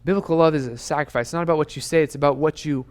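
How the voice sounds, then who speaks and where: Earnest youth preacher, man, slightly high voice. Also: very fast. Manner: earnest, urgent, repeats rhetorical questions. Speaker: youth pastor. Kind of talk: sermon to students. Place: church youth room.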